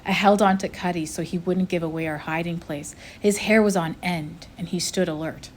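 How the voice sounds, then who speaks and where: A woman, a teacher, reading a chapter of a novel aloud with expressive storytelling. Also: fairly low pitch, moderate pace, a little hiss or hum.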